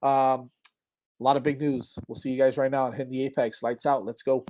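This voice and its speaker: A man's voice: mid-range voice, little pitch movement, brisk, very noisy. A man hosting a casual sports podcast, talking in an upbeat, rambling way with many restarts. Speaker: podcast host. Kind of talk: casual chat.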